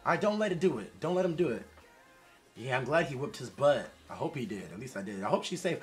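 A man talks straight to his viewers as he reacts to a music video. His voice sits fairly high and jumps around a lot, loud one moment and mumbled the next. Faint music plays behind him. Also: fast. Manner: animated, talks straight to viewers, shifts between loud excitement and quiet mumbling. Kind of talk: casual reaction commentary.

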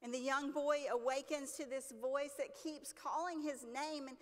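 A woman pastor with a fairly high voice delivers a sermon, chatting with her congregation and tossing them questions. She brings her stories to life by acting out the characters. Her voice rings with the long reverb of a church sanctuary. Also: steady tone, normal speed. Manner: conversational, asks the congregation questions.

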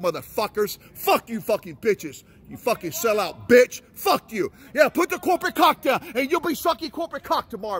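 A man in a car shouting a profane, angry rant at police. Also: very high voice, a little hiss or hum. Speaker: vlogger. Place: in a car driving by.

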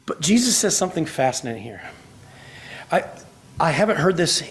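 A male pastor delivering a sermon in a slightly high voice. He swings between loud, urgent emphasis and quiet, hushed passages. He puts rhetorical questions to his listeners. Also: big pitch swings, moderate pace, creaky, husky.

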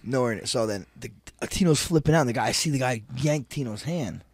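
A man co-hosting a podcast, telling a story in casual chat, animated and profane, acting out what everyone said. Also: mid-range voice, fast talker, breathy edge, dry recording. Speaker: podcast co-host.

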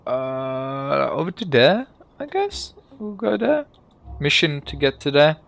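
A man's voice: fairly high pitch, very animated, slow pace, vocal fry, fairly bright tone, dry recording. A young man giving casual, joking gameplay commentary as he plays, swearing and laughing at himself. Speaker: gaming YouTuber.

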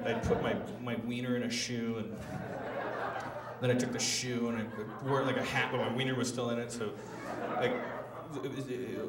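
Man, live comedy podcast host, rambling, stammering, laughs mid-sentence, distant mic, loud crowd. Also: mid-range voice. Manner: stammering, repeats words, laughs while talking. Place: live theater stage before an audience. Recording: echoey room, miked from afar, loud crowd. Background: loud audience.

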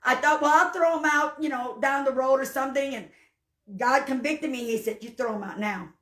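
A woman with a high voice tells her testimony in a folksy, down-to-earth way, now and then rising into fervent praise. She preaches to listeners, and her voice rings in an echoey room. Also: steady tone, normal speed. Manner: fervent, breaks into shouts of hallelujah; folksy storyteller. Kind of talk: spoken testimony and sermon.

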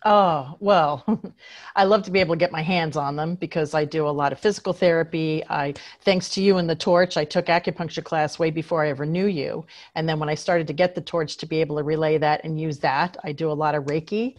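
A woman guest in a casual interview, telling lively stories and acting out quoted lines as an animal communicator. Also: low-pitched, brisk. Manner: lively anecdotal storyteller, acts out quotes.

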